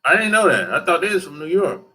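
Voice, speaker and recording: A man's voice: a little high, sing-song, fast talker, pushed and bright. A man, chatting loosely with livestream viewers, rambling, repeating himself and swearing. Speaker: dating advice YouTuber. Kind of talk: casual livestream chat answering viewers. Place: home in Atlanta.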